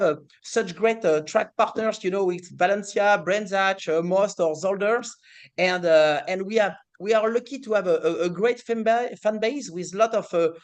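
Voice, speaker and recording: A middle-aged man with a French accent, a racing series president answering interview questions in halting English with many fillers. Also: sits high.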